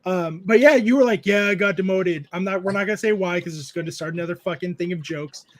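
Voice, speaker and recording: A man hosting a casual group chat on a stream, an animated storyteller who laughs often and swears freely. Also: high-pitched, fast talker, no room sound. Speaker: stream host.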